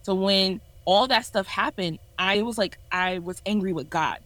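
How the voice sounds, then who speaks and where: A woman's voice: medium pitch, moderate pace, fairly bright tone, poor audio. A woman in her twenties sharing a candid personal testimony on a podcast in an earnest, self-reflective way. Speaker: ministry leader sharing a testimony.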